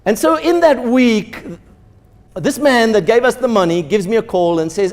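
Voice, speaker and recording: A man's voice: high voice, lively intonation, moderate pace, a little mellow. A man, a pastor, telling a story in a sermon and acting out the dialogue with animation. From South Africa.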